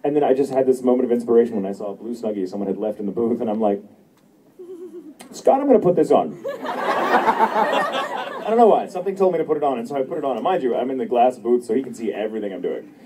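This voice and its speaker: A man's voice: medium pitch, lively intonation, fast talker, pauses often, a little mellow. A man in his thirties, a voice actor telling stories at a fan convention Q&A, laughing often and acting out quotes. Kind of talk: convention Q&A storytelling. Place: convention panel room. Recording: distant fan recording with room noise.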